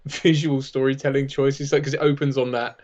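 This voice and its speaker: Laughing storytelling man, middle pitch. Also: little pitch movement, fairly quick, darkish tone, highs cut off. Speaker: co-host of a movie watch-party stream. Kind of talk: casual chat. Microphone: lavalier.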